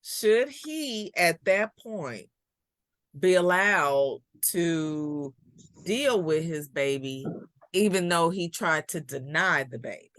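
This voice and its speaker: A woman's voice: fairly low pitch, expressive, takes it slowly, fairly bright tone, dry recording. A middle-aged woman hosting a casual talk show, chatting in a conversational way and pushing back on her guest's points. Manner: conversational, plays devil's advocate. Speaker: podcast host.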